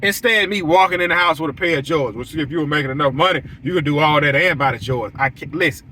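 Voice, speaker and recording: A young man with a lawn care business talks straight to his viewers in a casual monologue, blunt, preachy and repetitive, acting out quoted lines. He talks fast in a bright, forceful voice on the high side, with a slight hiss or hum behind him.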